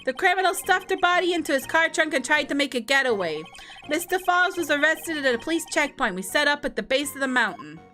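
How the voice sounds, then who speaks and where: A woman voicing an earnest young male detective, reading game dialogue loudly and eagerly. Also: expressive, fairly quick, faint music behind. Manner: loud, high, earnest and eager.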